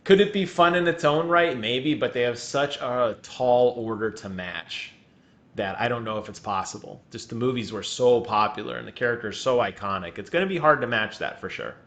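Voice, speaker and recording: A man's voice: medium pitch, moderate pace, a bit bright. Giggly young man co-hosting a podcast. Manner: giggly, jokey, slips into silly voices. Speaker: podcast co-host. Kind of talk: casual chat.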